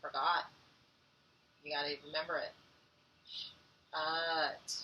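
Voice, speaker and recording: A woman teacher giving an online phonics lesson to young children. She speaks encouragingly and sounds words out slowly. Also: low-pitched, little pitch movement, far from the mic, muffled recording, background noise.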